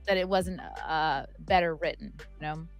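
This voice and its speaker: A woman's voice: sits low, moderate pace, lo-fi sound, soft background music. A woman co-hosting a podcast, telling a story in a rambling, self-correcting way. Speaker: podcast co-host. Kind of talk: casual chat.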